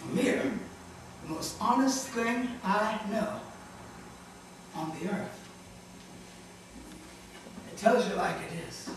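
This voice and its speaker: A pastor giving a sermon, swinging from loud emphatic bursts to hushed asides. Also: male voice, sits high, takes it slowly, long pauses, slight background noise. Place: chapel. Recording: very echoey chapel, mic far off.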